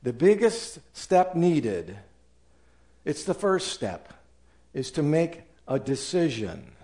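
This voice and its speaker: A man's voice: a little high, big pitch swings, slow, dark tone. A male pastor preaching a sermon with emphasis, acting out listeners' objections in raised voices.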